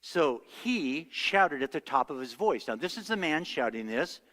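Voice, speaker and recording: Pastor preaching in a reverberant church. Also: male voice, a little high, big pitch swings, moderate pace, a bit bright. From United States. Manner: storytelling, acts out quoted voices. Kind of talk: sermon. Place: church sanctuary.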